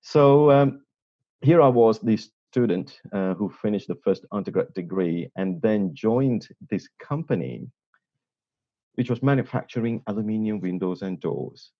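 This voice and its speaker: A man in his forties, a podcast guest, telling relaxed anecdotes with wry humour. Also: fairly low pitch, moderate pace, breathy edge, no echo, lo-fi sound. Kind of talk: conversational storytelling.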